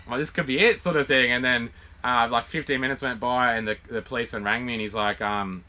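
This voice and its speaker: Australian man telling a story brightly. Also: mid-range voice, fast talker. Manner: animated retelling with quoted dialogue and laughs. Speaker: vlog co-host. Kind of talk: casual storytelling.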